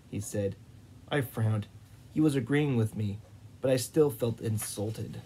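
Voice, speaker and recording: A man reading a novel aloud in a steady, unhurried way. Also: lowish voice, slight background noise, poor audio. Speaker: audiobook reader.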